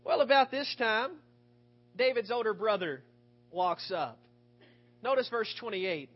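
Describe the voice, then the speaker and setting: A male preacher giving a sermon, retelling scripture with rhetorical questions and expressive storytelling. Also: high voice, measured pace, long pauses. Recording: dull lo-fi recording.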